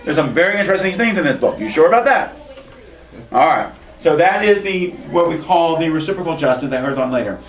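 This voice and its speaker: A man's voice: fairly high pitch, brisk. A man, a rabbi, giving an informal Bible lecture to an adult class. He teaches with wry asides and jokes. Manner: lively, wry asides and joking. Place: synagogue classroom. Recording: echoey room, mic far off, faint hiss.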